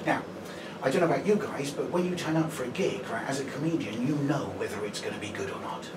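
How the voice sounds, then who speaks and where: A man's voice: medium pitch, quick pace. A man doing a chatty stand-up set, tagging his lines with 'right?'. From Brighton, England. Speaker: stand-up comedian. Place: comedy venue. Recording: echoey live venue, distant mic, audience noise.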